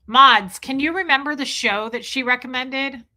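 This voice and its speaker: Bright, gushing woman streamer chatting. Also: sits high, normal speed. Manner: gushing, enthusiastic, rambling with restarts. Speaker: live streamer. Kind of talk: casual chat reading out viewer comments.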